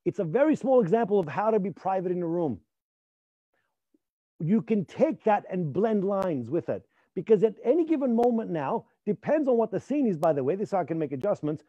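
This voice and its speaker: A man's voice: high-pitched, very animated, brisk, warm tone, no echo, highs cut off. Emphatic man teaching an acting class. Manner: emphatic, repeats points, drops to near whispers to demonstrate.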